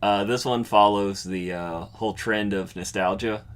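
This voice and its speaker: A young man on a comedy podcast, pitching a made-up sitcom in a halting way with many fillers. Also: fairly even intonation. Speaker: podcast co-host. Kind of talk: casual comedy chat, pitching a sitcom idea.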